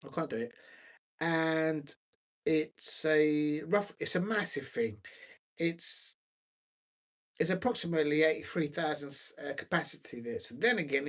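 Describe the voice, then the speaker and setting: His voice is slightly high and a bit bright as he chats about football solo on his channel. Rambling and hesitant, he fills gaps with ums, restarts sentences, and seems scattered while digging through his notes.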